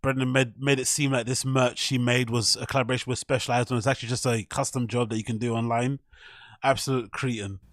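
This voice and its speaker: A man's voice: mid-range voice, fairly even intonation, fast, fairly bright tone, no room sound, clean studio sound. Foul-mouthed man mocking clips. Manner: profane, mocking, laughs often. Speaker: podcast host reacting to clips. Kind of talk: casual commentary.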